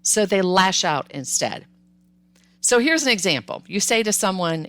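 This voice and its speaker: A woman's voice: mid-range voice, animated, unhurried, fairly bright tone, no echo. A woman hosting a parenting podcast, giving upbeat, conversational advice and sometimes acting out what parents and children say. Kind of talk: solo podcast advice talk.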